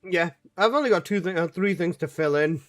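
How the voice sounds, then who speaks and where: A man's voice: sits high, a little fast. A young man streaming a game, chatting casually, reading chat aloud and answering with swearing and laughs.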